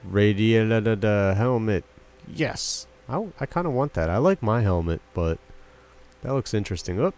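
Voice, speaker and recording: A man's voice: fairly low pitch, darkish tone. A young man giving casual gameplay commentary, chatting with game characters and breaking into yelps and silly sound effects. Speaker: let's play commentator.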